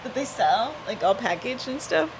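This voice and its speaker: A woman in a relaxed podcast chat who tells stories in a rambling way, filling every pause with "like". Her voice sits fairly high and swings widely in pitch. There is a faint hum behind her. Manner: rambling, fills with "like", storytelling. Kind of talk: casual chat.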